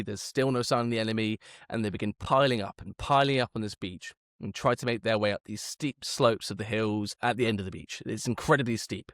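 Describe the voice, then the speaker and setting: A man's voice: fairly low pitch, no room sound. Man telling history in a dry close mic. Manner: animated storytelling, swears, sometimes slow and emphatic. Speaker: podcast co-host telling history. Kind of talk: casual history podcast chat.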